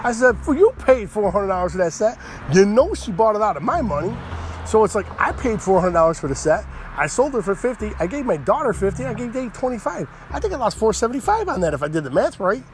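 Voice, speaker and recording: A man's voice: sits high, very animated, fast, slight background noise. A middle-aged man telling stories in a casual, profane rant, acting out both sides of every argument in a worked-up way.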